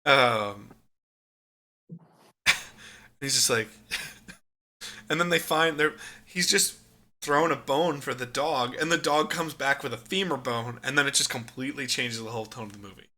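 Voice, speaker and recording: A man co-hosting a podcast, chatting casually about a movie, animated and laughing often, with plenty of swearing. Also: medium pitch, a little slow, pauses often. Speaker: podcast co-host. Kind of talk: casual movie review chat.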